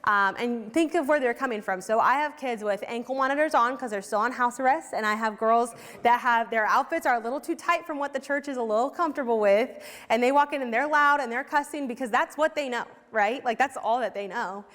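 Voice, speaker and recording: A young woman with a fairly high voice talks earnestly to a congregation, in a casual way with many ums and restarts. Her voice rings with the long reverb of a church hall. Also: fairly quick, fairly bright tone. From Ohio, USA. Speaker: youth ministry worker speaking at church. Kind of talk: church talk with personal stories.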